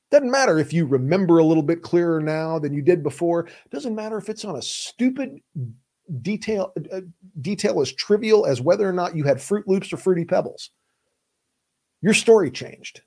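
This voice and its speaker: A male defense lawyer hosts a casual explainer, plain-spoken and urgent as he drives his points home. His voice sits a little high for a man, and he stays emphatic throughout. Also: animated, moderate pace, darkish tone. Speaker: podcast host and criminal defense lawyer.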